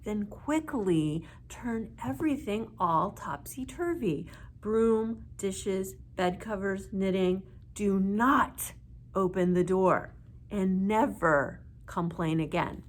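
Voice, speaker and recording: A woman voicing a knowing village wise woman in a storybook read-aloud, giving instructions in a measured way. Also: medium pitch. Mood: instructive.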